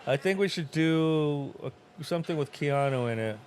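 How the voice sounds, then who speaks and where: A man's voice: a little high, animated, normal speed, a little mellow, slight background noise. A middle-aged man co-hosting a casual movie watch-along, rambling through film trivia and laughing often. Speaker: podcast co-host.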